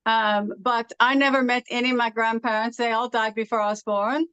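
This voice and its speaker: A woman's voice: on the high side, fairly even intonation, fairly quick, fairly bright tone, clear, resonant tone, no echo, highs cut off. A middle-aged woman from Los Angeles with Irish-sounding R's, telling stories in casual conversation with many "uh" fillers. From Los Angeles, United States. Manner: storytelling with frequent uh fillers. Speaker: interview guest.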